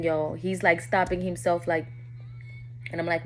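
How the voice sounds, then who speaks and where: Woman doing a storytime vlog, talks straight to viewers, goes low and quiet a lot, faint hum behind her. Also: flat delivery, a little fast. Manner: candid, addresses viewers as y'all, often drops low and quiet. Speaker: vlogger telling a personal story. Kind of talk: casual storytime.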